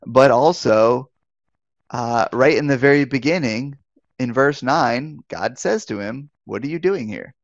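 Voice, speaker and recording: A male pastor teaches from the Bible in a relaxed, conversational way. He often restarts his phrases and asks his listeners questions. His voice has a gravelly edge, and the recording is dry and somewhat muffled. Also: medium pitch, unhurried, no echo. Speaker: pastor and life coach. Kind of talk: live online Bible teaching.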